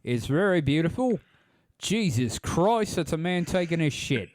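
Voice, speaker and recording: A man's voice: on the high side, sing-song, unhurried, no room sound. A man voicing a flustered father steering his young son's attention away from something.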